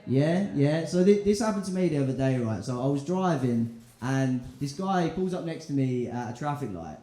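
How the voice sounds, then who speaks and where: A man's voice: medium pitch, animated, moderate pace, dark tone. A young man performing a stand-up set, chatty and crude, with loose fillers and an offhand delivery. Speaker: stand-up comedian. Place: comedy club in front of a live audience. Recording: echoey club room with audience laughter.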